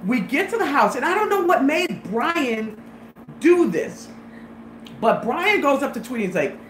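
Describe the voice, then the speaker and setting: A woman's voice: high-pitched, normal speed, reverberant, a little hiss or hum. A woman hosting a casual chat, telling a story with lots of laughter and acted-out voices. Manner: animated storyteller, laughs often, acts out voices. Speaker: host.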